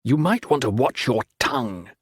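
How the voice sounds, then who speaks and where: A man's voice: medium pitch, very animated, normal speed, breathy edge, no echo, clean studio sound. A man doing a cold, sullen young cadet. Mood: menacing. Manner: cold, menacing threats.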